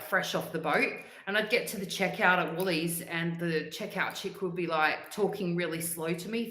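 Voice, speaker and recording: Outspoken Australian woman in a roomy echo. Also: on the low side. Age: 40s. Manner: animated storyteller, blunt and outspoken. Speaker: livestream host. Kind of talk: casual chat with viewers.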